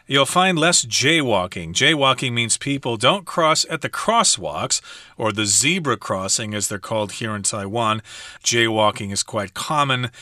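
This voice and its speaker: A man's voice: medium pitch, sharp tone, no room sound, clean studio sound. A man teaching English who explains words in a chatty way, with hesitant fillers. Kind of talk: explaining vocabulary and grammar.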